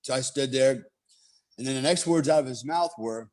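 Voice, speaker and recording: A man tells a long story in a casual, laid-back way, swearing freely and leaning heavily on "you know" and "right?". His voice is medium-pitched and darkish, at a moderate pace.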